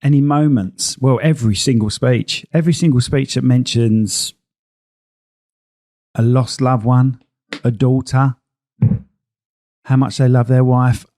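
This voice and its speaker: Man, podcast co-host, mid pitch, dry close sound, chatty and self-mocking. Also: steady tone, unhurried, pauses often, warm tone, dry recording. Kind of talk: casual chat.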